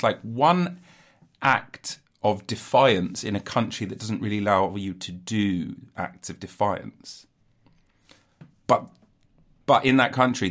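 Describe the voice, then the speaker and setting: Man, lower voice, solo rant; sarcastic, swears freely, rambling mock outrage. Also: a bit bright. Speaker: solo commentator.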